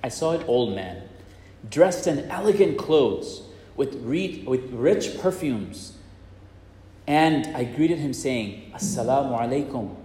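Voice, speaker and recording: A man's voice: medium pitch, lively intonation, slow, dark tone. Earnest man telling a story in an echoey hall. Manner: earnest, retells a story with frequent repeats. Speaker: preacher. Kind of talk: religious storytelling talk. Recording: echoey hall with long reverb.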